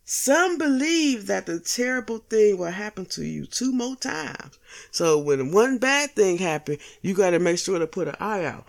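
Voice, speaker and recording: Woman cussing thru her podcast, blunt and jokey, quick laughs. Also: medium pitch, very animated, vocal fry. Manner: profane, blunt and joking; slangy, laughs at her own lines. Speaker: podcast host. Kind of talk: casual solo podcast monologue.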